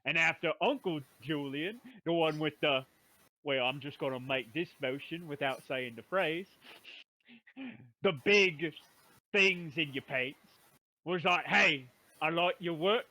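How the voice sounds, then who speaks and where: A man recapping a tabletop game session in a playful, rough-talking manner, full of slang and asides. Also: fairly high pitch, unhurried, bright, forceful tone. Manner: playful rough-talking brute drawl, "me brother", "we was".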